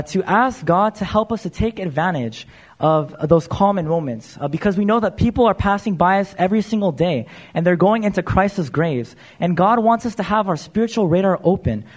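A man with a high-pitched voice preaches in a church. He talks loosely and conversationally, with plenty of "uh" fillers, and keeps addressing the congregation as "you guys". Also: expressive, moderate pace. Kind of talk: sermon.

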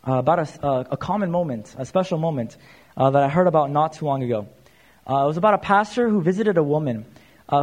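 A man with a high-pitched voice preaches in a church. He talks loosely and conversationally, with plenty of "uh" fillers, and keeps addressing the congregation as "you guys". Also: darkish tone. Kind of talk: sermon.

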